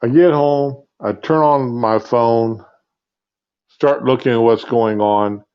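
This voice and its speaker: A man's voice: mid-range voice, fairly even intonation, slow pace, clear, resonant tone. A man ranting off the cuff on a livestream, angry and rambling, with many fillers and restarts. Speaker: livestream host. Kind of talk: impromptu rant. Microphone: earbud with built-in mic on a phone. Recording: muffled lo-fi phone earbud mic.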